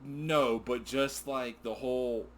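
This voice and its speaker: Excitable rambling dad, mid-pitched. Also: male voice, takes it slowly. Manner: excitable, rambling, often sidetracked and laughing. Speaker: co-host of a father-and-son wrestling recap show. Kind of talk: casual chat.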